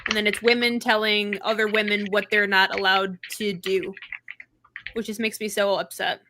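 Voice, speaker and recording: A woman's voice: medium pitch, little pitch movement, moderate pace, noisy background. A woman co-hosting a casual reaction chat, agreeing and adding indignant asides. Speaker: guest co-host.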